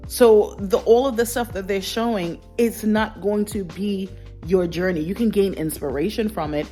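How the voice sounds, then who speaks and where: A woman's voice: mid-range voice, normal speed, dark tone, soft background music. A woman vlogger speaking candidly to camera in an earnest, reflective way, often repeating phrases for emphasis. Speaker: lifestyle vlogger.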